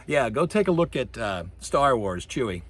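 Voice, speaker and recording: A man giving a recorded university lecture, animated, acting out sound effects with his voice. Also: medium pitch, normal speed.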